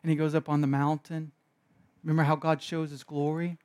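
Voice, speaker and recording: A man preaching a sermon in an animated way, moving between hushed and emphatic delivery. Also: a little high, brisk. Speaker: pastor.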